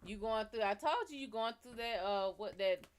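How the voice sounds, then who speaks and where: A woman's voice: a little high, lively intonation, moderate pace. A woman hosting a live psychic reading stream, giving casual advice bluntly and swearing freely. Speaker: psychic reader and livestream host.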